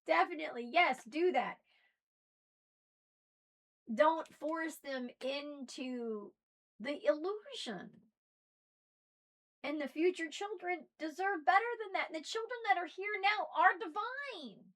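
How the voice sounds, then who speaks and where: A high-pitched woman with a mixed Southern and Northern American accent delivers a preachy rant to camera. Her volume lurches from near-shouted outbursts to quiet, dropped asides. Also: animated, measured pace. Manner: ranting, preachy, swings between loud and soft. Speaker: spiritual video host. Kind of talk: impassioned monologue.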